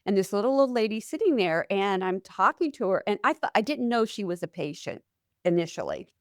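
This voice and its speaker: A woman's voice: medium pitch, animated, brisk, no echo, studio quality. A middle-aged woman, a nurse hosting a podcast, asking questions and telling anecdotes from her nursing work. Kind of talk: conversational podcast interview.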